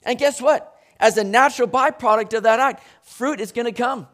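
High-voiced preaching man. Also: moderate pace. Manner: animated preaching, acts out voices, conversational asides. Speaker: pastor. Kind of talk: sermon.

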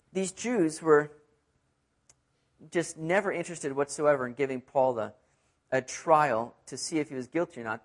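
A male pastor preaching a verse-by-verse sermon in a conversational way, often adding asides and repeating words for emphasis. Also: medium pitch. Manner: emphatic, repeats words when stressing a point. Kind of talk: expository sermon.

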